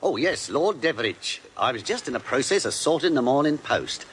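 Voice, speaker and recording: Casting: a jittery, deferential hotel clerk, voice jumping all over, 1940s radio comedy. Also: male voice, mid-range voice, sing-song, moderate pace, fairly bright tone, a little hiss or hum. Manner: stammering, nervous, deferential. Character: flustered hotel clerk, man, timid and fussy.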